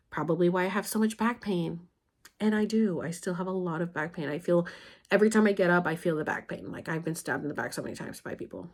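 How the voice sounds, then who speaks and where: A young adult woman vlogging, speaking candidly and emotionally to her mother about her past, blunt and sometimes swearing. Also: lowish voice. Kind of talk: personal storytelling, addressing her mother.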